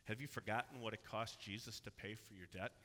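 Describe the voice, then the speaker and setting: Man, pastor, sermon, very bright voice, earnest, emphatic, long reverb from a church hall. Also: lowish voice, steady tone, brisk. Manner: earnest preaching, rising to loud emphatic cries.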